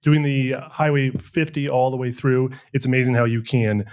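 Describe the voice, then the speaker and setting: Male guest, mid-pitch, calm storyteller, casual chat. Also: moderate pace, smooth.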